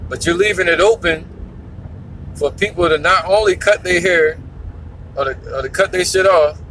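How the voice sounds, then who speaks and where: A man's voice: high voice, moderate pace, a bit bright, slight background noise. A man giving a casual, profane, rambling religious talk, teaching as he drives. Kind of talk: casual preaching monologue.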